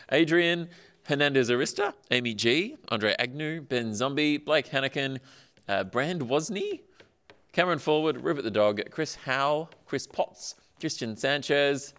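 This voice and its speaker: A man hosting a comedy panel, with a smooth, clear voice. He fills his sentences with ums as he reads out the week's question and a list of supporters. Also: medium pitch, animated, a little slow, fairly bright tone. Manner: hesitant, lots of ums, reads out names. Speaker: host.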